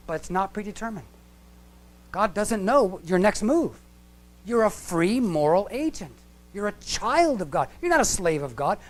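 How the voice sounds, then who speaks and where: A middle-aged man giving a lecture-style sermon in a church hall, talking conversationally with restarts and asides. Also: sits high. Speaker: church speaker.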